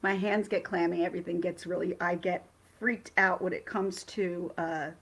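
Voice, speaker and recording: A woman hosting a casual livestream, chatting excitably and rambling with frequent restarts. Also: lowish voice, normal speed, creaky, husky. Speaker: livestream host.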